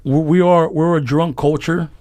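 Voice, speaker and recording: With a high-leaning, slightly mellow voice and a steady tone, a comedian guest talks casually on a podcast. The small foam-lined room gives no room sound, and he's profane, full of stories and laughs often.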